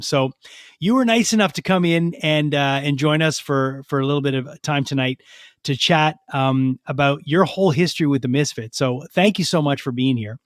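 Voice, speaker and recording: A man hosting a podcast in a studio, chatting casually and excitedly with lots of fillers, reading sponsor shout-outs. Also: mid-range voice, fairly quick, no echo. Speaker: podcast host. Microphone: studio microphone.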